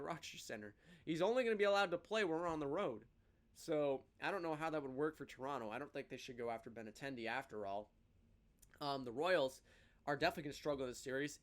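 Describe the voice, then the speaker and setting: Excitable man rattling off baseball stats. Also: on the high side. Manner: excitable, rattles off stats, lively rises and dips. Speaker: fan show host. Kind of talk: casual sports recap and opinion.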